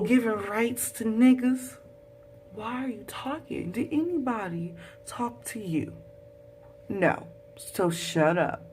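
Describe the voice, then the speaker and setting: A young woman reviewing a TV episode in a casual vlog. She reads her own tweets aloud and rambles in a chatty, animated way, full of sassy asides and sound effects. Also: deep voice, a little hiss or hum.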